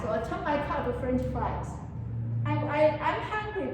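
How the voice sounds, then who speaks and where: A woman's voice: sits high, expressive, measured pace, background noise. A woman teaching a counseling class, often questioning her students and speaking English with non-native phrasing. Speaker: counseling lecturer. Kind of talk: classroom lecture. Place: lecture room with students. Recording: echoey hall, mic far off.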